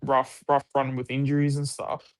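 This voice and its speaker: A man's voice: medium pitch, monotone, normal speed, clean tone. An Australian man chatting casually about sport on a live stream, rambling with lots of restarts and the odd swear word.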